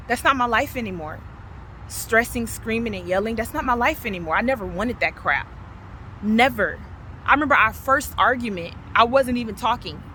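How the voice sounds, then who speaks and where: A woman, telling her personal testimony with passion, repeating herself and swinging from loud to low. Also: slight background noise. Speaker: vlogger sharing her testimony.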